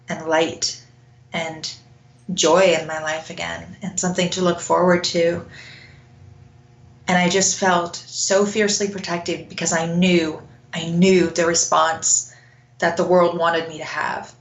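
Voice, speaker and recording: Woman interview guest, lowish voice, earnest storyteller who laughs often, echoey room. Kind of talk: personal storytelling. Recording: roomy echo.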